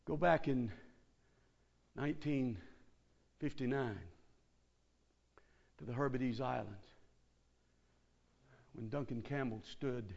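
A Baptist preacher giving a sermon in a church service, swinging from low, quiet talk to shouted climaxes and repeating key phrases for emphasis. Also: male voice, slow pace, creaky, pauses often. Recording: dull lo-fi recording.

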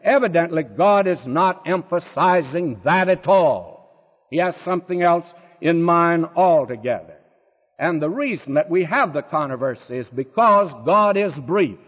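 A man's voice: on the high side, lively intonation, a little slow. A man teaching a Bible sermon in a folksy, emphatic way, asking rhetorical questions. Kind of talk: radio sermon. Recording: tinny, phone-like sound with long reverb.

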